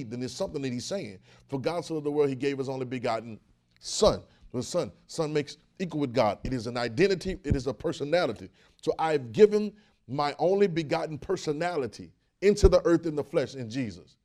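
A man's voice: on the high side, expressive, brisk, dark tone. A man preaching a sermon, with emphatic, rising bursts and repeated phrases.

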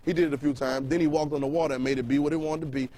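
A man's voice: on the high side, steady tone, very fast, warm tone, rough recording. A man preaching in an everyday, conversational register, with a voice that sits slightly above the usual male range. He circles back over his own words as he builds each point and keeps tossing questions out to the room. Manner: colloquial, fires rhetorical questions at the room. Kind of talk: sermon with Bible reading.

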